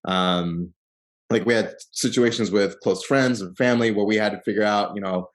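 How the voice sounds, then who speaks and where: Man, fairly low voice, podcast guest, casual storytelling, lots of "like" and "um". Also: moderate pace. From Seattle, Washington. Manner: relaxed storyteller who acts out quoted people with lively jumps in pitch; frequent fillers like "like" and "um".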